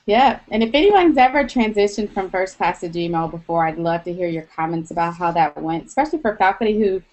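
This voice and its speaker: A woman's voice: lowish voice, animated, fairly quick, a little mellow, lo-fi sound. A woman co-hosting a webcast, easygoing and upbeat, with light laughs. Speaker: co-host, school technology staff. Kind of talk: casual webcast chat.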